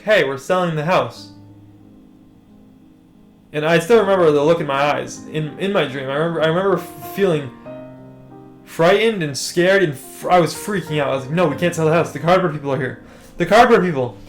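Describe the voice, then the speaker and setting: A young man telling a story in a rambling, hesitant way, full of fillers and restarts. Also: a little high. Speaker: storytime vlogger.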